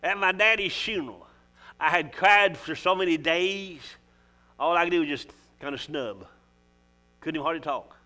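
A man's voice: fairly high pitch, normal speed, long pauses, bright, forceful tone. An older man preaching a folksy sermon in church, calling out to the congregation. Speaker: pastor.

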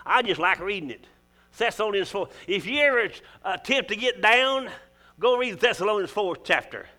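Folksy older preacher, high and bright. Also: male voice, lively intonation, moderate pace. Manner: folksy, preacherly, calls out to the congregation. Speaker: pastor. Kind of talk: sermon. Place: church.

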